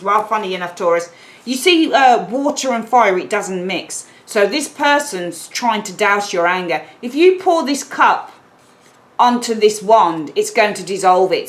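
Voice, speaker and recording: Woman, tarot reader, casual emphatic delivery, average pitch. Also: a bit bright, poor audio. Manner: chatty, emphatic, repeats points, acts out little quoted exchanges. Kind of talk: casual tarot reading to camera.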